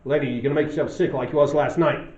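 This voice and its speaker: A man voicing a small, quick, nervous man who sharply scolds his friend. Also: on the high side, steady tone, a little mellow, close to an everyday voice. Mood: sharp scolding. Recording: roomy, distant, dull recording.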